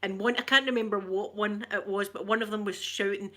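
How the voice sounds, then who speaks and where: A woman's voice: medium pitch, fairly even intonation, a little fast, fairly bright tone. A middle-aged woman with a Glaswegian Scottish accent, chatting casually with her live stream viewers, greeting them by name and laughing often. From Scotland.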